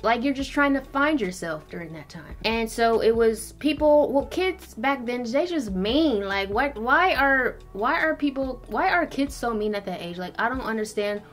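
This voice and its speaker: A woman in her twenties chatting bluntly while doing her makeup, with a lot of swearing and animated storytelling. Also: on the high side, normal speed, hardly any pauses, faint music behind. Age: 20s. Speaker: beauty vlogger.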